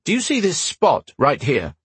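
A man's voice: on the high side, wildly swooping pitch, normal speed, a bit bright, breathy edge, no room sound, pitched above the performer's own voice, exaggerated voice. A man voicing a weary, sardonic young man with a dry, sarcastic manner. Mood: sardonic, wry.

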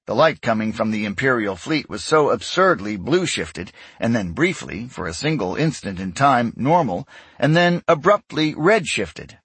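A man narrating a science fiction audiobook in a steady, measured storytelling voice. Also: medium pitch, slightly rough, no room sound. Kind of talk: scripted narration.

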